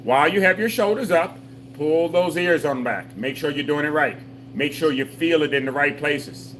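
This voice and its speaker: A man's voice: on the high side, animated, moderate pace, fairly bright tone, a little hiss or hum, poor audio. A man leading a live exercise class for seniors, giving patient, repetitive step-by-step cues with folksy jokes. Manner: patient, repetitive coaching with call-and-response cues. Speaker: senior fitness instructor.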